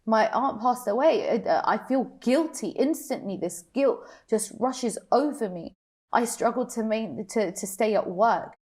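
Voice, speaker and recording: A young woman on a panel, sharing a personal story of grief in a halting, emotional way with many restarts. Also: on the high side, animated, darkish tone. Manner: emotional, halting, repeats herself. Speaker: panel guest.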